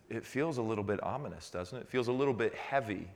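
A middle-aged man, a pastor, preaching a conversational sermon that swings between quiet reflection and animated storytelling. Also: fairly low pitch, brisk, vocal fry, few pauses. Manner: conversational preaching, builds to animated frustration in anecdotes.

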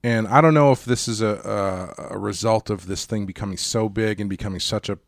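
A man's voice: fairly low pitch, brisk, creaky, no echo, studio quality. A man co-hosting a podcast and discussing a movie casually, with lots of hesitations and restarts. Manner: hesitant, restarts often, laughs easily. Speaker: podcast co-host.

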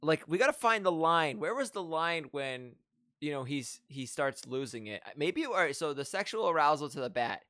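A man co-hosting a casual movie podcast, asking questions with halting restarts. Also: on the high side, sing-song, sharp tone, dry recording, studio quality.

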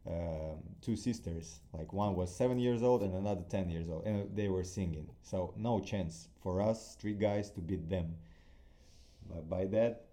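A man's voice: low voice, measured pace, mellow. A man from Ukraine with a Ukrainian accent, a podcast guest telling stories earnestly in English, with small hesitations. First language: Russian. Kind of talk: casual interview chat.

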